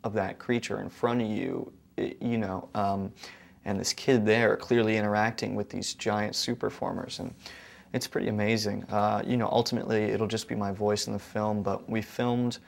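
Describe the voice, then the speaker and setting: A man's voice: fairly low pitch, steady tone, normal speed, gravelly. A young male actor talking casually and thoughtfully in an interview, earnest with small hesitations.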